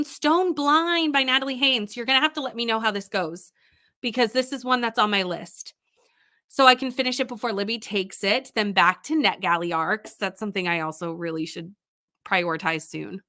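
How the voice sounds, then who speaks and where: A woman's voice: a little high, sharp tone. A woman hosting a casual livestream, tired but bubbly, laughing often as she reads out viewer comments and greets people. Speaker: livestream host.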